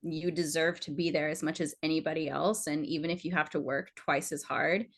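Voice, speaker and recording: Woman guest, lowish voice, earnest and encouraging, casual podcast chat. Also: steady tone, fairly quick, creaky. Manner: earnest, encouraging advice with fillers.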